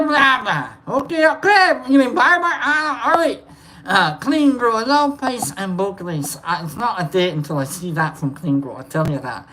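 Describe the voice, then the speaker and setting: A woman hosting a casual livestream, reading out viewer shout-outs in a playful, rambling way and swearing freely. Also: medium pitch, slight background noise, poor audio. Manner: loose and meandering, lots of fillers.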